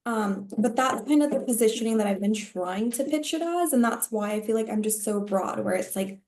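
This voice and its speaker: A woman who used to be a teacher, talking casually on a coaching call and telling rambling, animated stories full of fillers. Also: fairly high pitch, normal speed, hardly any pauses. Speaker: coaching client, former teacher.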